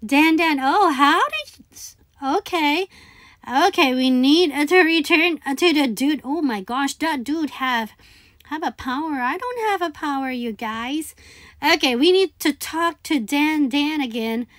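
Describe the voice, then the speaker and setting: Excitable high-voiced woman narrating gameplay. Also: a little slow, no echo, studio quality. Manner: excitable, chants repeated commands, calls enemies buddy. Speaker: gaming channel host. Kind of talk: live gameplay commentary.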